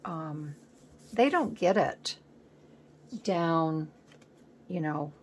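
A woman hosting a collage video, chatting casually as she works at a home craft table, rambling and thinking aloud, sometimes dropping to a soft murmur. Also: low voice, expressive, extremely slow, slight background noise. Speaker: collage artist host.

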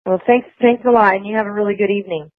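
A woman on a phone interview tells her story in an emotional, rambling flow, often breaking off and starting over. Her voice comes through a tinny, dry phone line. Her pitch sits in a middle range. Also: fairly even intonation, racing, no echo. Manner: rambling and emotional, with many restarts. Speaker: interview guest.

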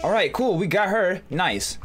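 A man giving excitable, jokey let's-play commentary as a gaming YouTuber, talking to the game characters as he plays. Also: sits high, moderate pace, over loud music.

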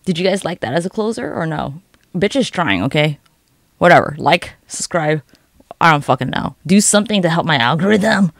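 Gravelly, sarcastic, profane woman. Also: deep voice, animated, moderate pace, no echo. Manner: sarcastic, profane, rambling asides. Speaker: online video commentator. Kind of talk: sarcastic comedic commentary.

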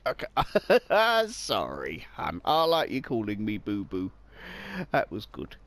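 A man's voice: lowish voice, wildly swooping pitch, takes it slowly, fairly bright tone, no room sound. A man casually commenting on his own gameplay, muttering to himself and swearing often. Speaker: let's play gamer.

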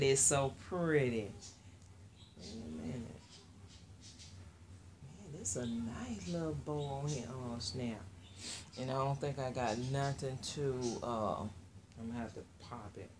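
Slow, gushing woman unboxing on camera. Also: very deep voice, lively intonation, noisy background. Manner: gushing, exclaiming, talks to viewers as y'all. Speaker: reborn doll collector. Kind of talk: casual unboxing vlog.

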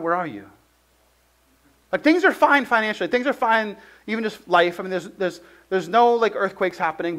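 High-voiced casual male preacher. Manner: conversational, heavy use of "like", animated storytelling. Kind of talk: casual sermon with personal story.

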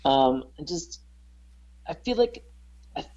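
A man's voice: a little high, very animated, slow, a little mellow, lo-fi sound. A man co-hosting a podcast, talking in a hesitant, filler-heavy casual way. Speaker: podcast co-host. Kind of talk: casual chat.

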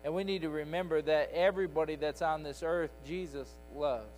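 Guy preaching sunday school in church, emphatic and repetitive, kinda high voice. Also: fairly quick, darkish tone, soft background music, poor audio. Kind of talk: sermon. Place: church sanctuary.

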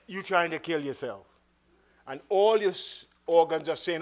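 High-voiced man preaching with big swings. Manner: dramatic swings between loud exhortation and soft slow speech; calls out to the congregation. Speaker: minister. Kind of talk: sermon.

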